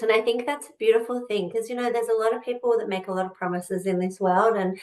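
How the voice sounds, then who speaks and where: A woman's voice: mid-range voice, level tone, quick pace, few pauses, darkish tone. A woman telling her own story as a podcast guest, heartfelt and rambling, getting choked up at times. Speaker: guest, author and entrepreneur. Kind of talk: emotional personal storytelling.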